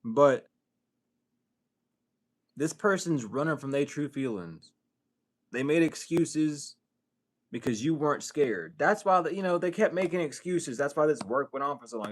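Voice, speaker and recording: A man's voice: animated, measured pace, long pauses. Profane, streetwise man, wide swings. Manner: swings from low mutter to high exclaims. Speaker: spiritual reader. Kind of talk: casual spiritual monologue.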